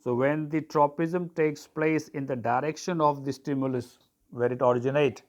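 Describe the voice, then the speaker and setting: A man's voice: fairly high pitch, fairly even intonation, moderate pace, darkish tone, highs cut off. A man teaching an online biology lesson, dictating terms for students to write down and spelling them out.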